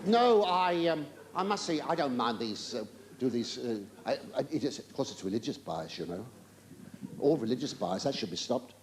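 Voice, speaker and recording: A man's voice: mid-range voice, expressive, normal speed. Flustered, teasing stand-up man. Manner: stammering, flustered asides and mock-indignant denials; chatty, teasing the audience. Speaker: stand-up comedian. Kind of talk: live stand-up routine. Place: large theatre stage before a live audience. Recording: live theatre recording with audience laughter and hiss.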